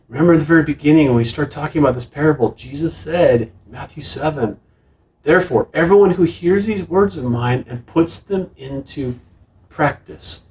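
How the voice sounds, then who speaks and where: A man's voice: mid-range voice, darkish tone. A middle-aged man preaching a sermon as pastor, earnest and emphatic, with frequent restarts. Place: church sanctuary. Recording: distant room mic in a church.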